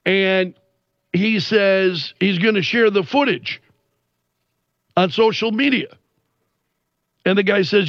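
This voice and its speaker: A man with a high-pitched voice talks through the news in an unhurried, deliberate way, retelling an incident with lively emphasis. The recording is dry and a little muffled. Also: dry recording. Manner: animated, retells quotes with censored swearing. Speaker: commentator. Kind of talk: casual news commentary.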